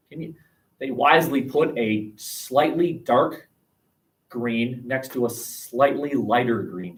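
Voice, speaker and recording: A man teaching a history class, lively and questioning, recorded from across a classroom. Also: fairly high pitch. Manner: animated, asks the class questions, jokes. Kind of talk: classroom lecture. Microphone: webcam across the room. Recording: distant webcam sound.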